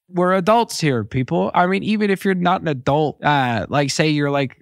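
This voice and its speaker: A man from Texas hosting a podcast, telling a story in a blunt, profane, animated way. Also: mid-range voice, no room sound, clean studio sound. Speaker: podcast host. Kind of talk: casual storytelling monologue.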